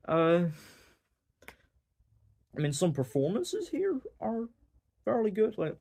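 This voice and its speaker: A man's voice: high-pitched, huge pitch swings, slow pace, creaky, long pauses, darkish tone, husky. A young man with a Northern Irish accent giving a casual, rambling movie review, full of fillers and wry asides. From Northern Ireland. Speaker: film reviewer.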